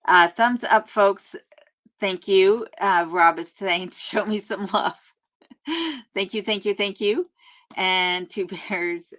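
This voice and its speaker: Woman doing a live q&a from her remote home, lowish voice, friendly and chatty, lots of ums and little laughs. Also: a bit bright. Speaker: YouTube host answering live chat. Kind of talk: casual live-stream chat, reading viewer comments aloud.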